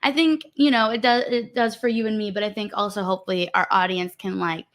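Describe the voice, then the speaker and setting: A woman's voice: medium pitch, fairly even intonation, quick pace. Young woman, frank casual podcast chat, reads out comments. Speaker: podcast co-host.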